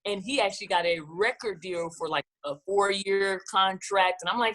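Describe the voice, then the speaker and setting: Woman guest singer, lively storyteller who slips into voices when quoting people. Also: medium pitch, moderate pace. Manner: animated, acts out quoted dialogue. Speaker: gospel singer-songwriter guest. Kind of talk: casual storytelling interview.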